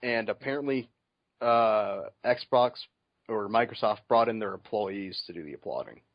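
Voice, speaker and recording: A man co-hosting a podcast in casual chat, wry and sarcastic, often pausing on fillers. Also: lowish voice, no room sound, dull audio. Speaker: podcast co-host.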